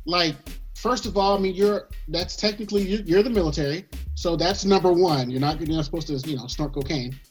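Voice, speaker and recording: Man, young adult, podcast host, casual chat, animated, joking, repeats himself, faint music. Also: a little high, brisk, slightly rough.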